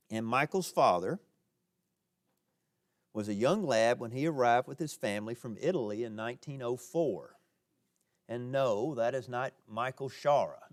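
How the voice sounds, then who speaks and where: Folksy Southern man giving a lecture. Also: medium pitch. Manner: folksy, self-deprecating, chuckling asides. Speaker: park ranger. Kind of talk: public history lecture. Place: lecture room with live audience.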